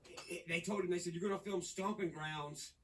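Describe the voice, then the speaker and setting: A man from Nashville, talking in a casual podcast chat, animated, profane and rambling. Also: high voice, a little fast, recorded from a distance, low-quality recording. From Nashville, Tennessee. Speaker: podcast guest.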